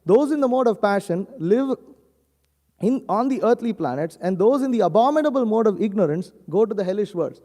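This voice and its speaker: High-voiced man preaching in a hall. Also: animated, a little fast, warm tone. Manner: recites verses, then translates and explains. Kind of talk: scripture class lecture. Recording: long hall reverb.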